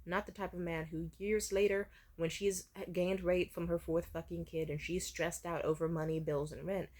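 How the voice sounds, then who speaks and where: A woman's voice: lowish voice, flat delivery, moderate pace, a little mellow. Candid, swearing young woman storyteller. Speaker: vlogger. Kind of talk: storytime vlog.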